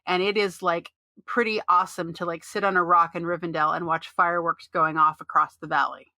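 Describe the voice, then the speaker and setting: Chatty woman podcast co-host, bright voice. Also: fairly low pitch, steady tone, fairly quick, no room sound. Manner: chatty, rambling with many fillers and restarts; reads out listener chat messages. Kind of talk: casual chat about an online game.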